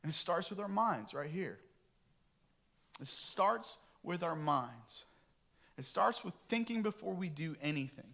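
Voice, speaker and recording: A middle-aged man preaching a lively, joking sermon to his congregation in a church. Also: on the high side, measured pace, creaky. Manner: animated, joking and talking with the congregation. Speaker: pastor. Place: church sanctuary.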